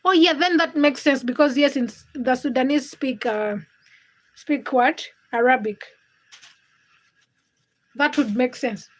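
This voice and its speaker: A woman's voice: high voice, a little slow, long pauses, poor audio. A woman hosting a casual livestream from her home kitchen, reading viewer comments and teasing her chat while she cooks. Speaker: livestream host.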